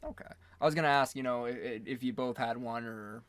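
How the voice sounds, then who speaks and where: A man with a mid-pitched voice asks questions in a casual interview, stumbling over fillers as he goes. His voice sounds dry and close, with no room around it. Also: brisk, a bit bright, no echo.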